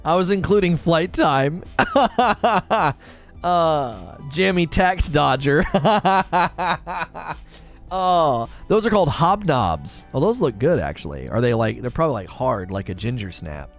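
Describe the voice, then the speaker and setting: Man streamer, casual jokey chat, lively pitch, faint music behind. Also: slow. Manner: jokey, laughs often, does mock British voices.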